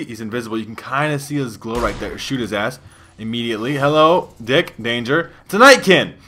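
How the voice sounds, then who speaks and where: A young gaming YouTuber talks over his own let's play, loose and foul-mouthed, rambling with plenty of fillers. His voice is lowish with a sharp tone, and there's a slight hiss or hum in the audio.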